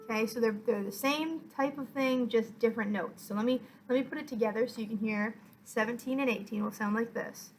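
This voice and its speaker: Patient woman teaching violin, slightly high voice. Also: fairly quick, hardly any pauses, loud music behind the voice, poor audio. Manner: patient, step-by-step explaining with fillers and counting aloud. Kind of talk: online music lesson.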